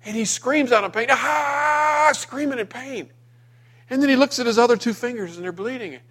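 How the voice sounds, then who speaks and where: Middle-aged pastor preaching, emotional storyteller. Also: male voice, fairly quick, fairly bright tone. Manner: storytelling, emotional, rising in pitch when voicing himself in the dream. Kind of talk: sermon.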